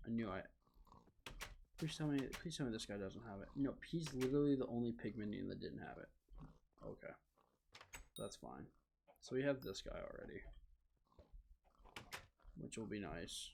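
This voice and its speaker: Casual young male streamer at home, gravelly low-key voice, rambling filler-heavy chat, faint hiss behind. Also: lively intonation, normal speed, long pauses, darkish tone. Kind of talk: casual gaming livestream chat.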